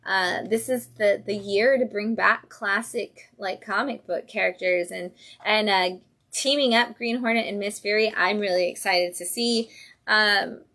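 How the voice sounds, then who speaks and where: A woman's voice: mid-range voice, unhurried, fairly bright tone. A woman hosting a casual livestream, chatting enthusiastically about new comics and acting out characters' lines. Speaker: comic shop host.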